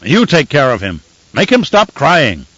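A man's voice: fairly low pitch, moderate pace, a bit bright, dry recording, voice pushed down, close to an everyday voice. A bloated, cruel baron, as a male narrator puts him on, brusque and commanding, his orders delivered with a grating imperious edge. The audiobook recording is dull and lo-fi, with a dry, close sound.

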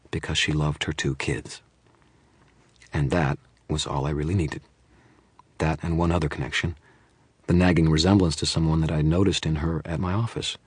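A man reads a first-person audiobook in a measured, brooding way. His voice sits extremely low and carries a husky grain. The recording is dry, with no room sound. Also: dry recording. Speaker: audiobook narrator.

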